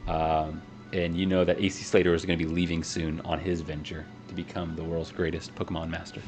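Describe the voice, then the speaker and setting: A man narrating as game master of a tabletop game in a loose, hesitant way with many pauses. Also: low voice, flat delivery, over music. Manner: loose, hesitant, lots of ums.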